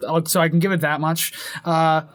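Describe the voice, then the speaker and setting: A young man with a somewhat high voice reviews music in casual chat. He hedges constantly and wanders through his points with plenty of fillers. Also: flat delivery, normal speed, a bit bright. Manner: rambling, hedging with many fillers. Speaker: podcast co-host.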